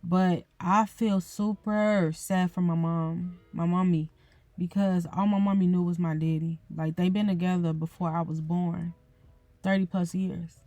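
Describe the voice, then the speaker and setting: A young woman hosting a podcast, speaking tearfully and haltingly in an emotional personal reflection. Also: fairly low pitch, steady tone, no room sound, faint music behind. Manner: tearful, soft-spoken, halting with fillers. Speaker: podcast host.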